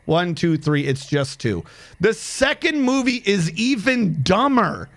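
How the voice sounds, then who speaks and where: A man with a high-pitched, slightly bright voice is very animated yet speaks slowly while streaming a game. His casual commentary rambles and swears, and he counts under his breath as he plays.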